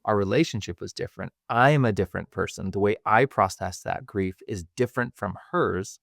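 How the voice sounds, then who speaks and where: A man hosting a podcast, speaking in a measured, reflective way with small hesitations. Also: fairly low pitch, gravelly, a bit bright, dry recording, studio quality. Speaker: podcast host. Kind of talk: reflective conversation.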